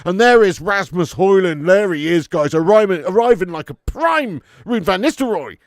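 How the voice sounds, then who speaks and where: Man, rowdy fan watch-along host, slightly high voice, dry close mic. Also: normal speed, no echo. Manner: excitable, swears freely, chats to viewers. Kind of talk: live football watch-along commentary.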